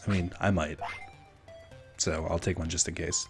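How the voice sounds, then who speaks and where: A man's voice: deep voice, little pitch movement, moderate pace, creaky, breathy edge, soft background music. A man from Minnesota giving casual, profane commentary on a video game he is playing while chatting with his viewers. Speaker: let's play streamer.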